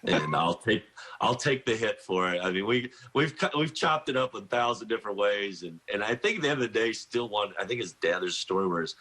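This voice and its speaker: Guest spot: middle-aged coach, deep husky voice, rambling storyteller who keeps restarting. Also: male voice, expressive, brisk, pushed and bright. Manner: rambling, self-interrupting, laughs through anecdotes. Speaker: college basketball coach, guest. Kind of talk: phone-in radio interview, storytelling.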